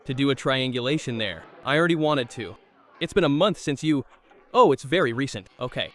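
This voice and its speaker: A man doing a stand-up comedy set, telling stories with lively crowd work and swearing. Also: mid-range voice, a little fast, distant mic. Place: comedy club stage.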